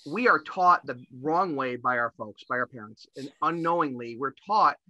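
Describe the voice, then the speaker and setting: A man's voice: medium pitch, lively intonation, normal speed, bright, forceful tone, no echo. A man in his fifties co-hosting a podcast, talking animatedly and often repeating words as he goes. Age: 50s. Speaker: podcast co-host. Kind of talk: podcast interview conversation.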